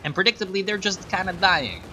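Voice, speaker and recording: A man's voice: high-pitched, animated, brisk, pushed and bright, slight background noise. A man casting a strategy game replay in a sarcastic, rambling way, full of fillers and asides. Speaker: game caster. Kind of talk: casual game commentary.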